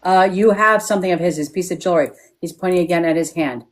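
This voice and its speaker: A woman's voice: on the low side, fast talker. A woman working as a psychic medium on a live stream, frank and checking in with yes-or-no questions.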